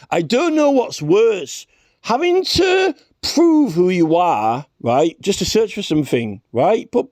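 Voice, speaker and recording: A man's voice: high-pitched, a little mellow, no room sound, clean studio sound. A man delivering a rambling, profane rant straight to camera, checking in with a constant "right?". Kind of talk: ranting vlog monologue.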